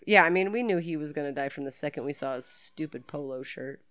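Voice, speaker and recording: A woman's voice: low-pitched, quick pace, a bit bright. A woman co-hosting a podcast, riffing on a movie in casual, crude, joking banter. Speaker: podcast co-host. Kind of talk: casual movie commentary chat.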